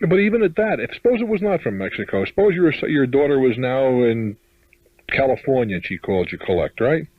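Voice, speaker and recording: A man's voice: mid-range voice, very animated, brisk, breathy edge, no room sound. A middle-aged man hosting a call-in radio advice show, blunt and chuckling as he gives callers his advice. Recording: lo-fi radio broadcast audio.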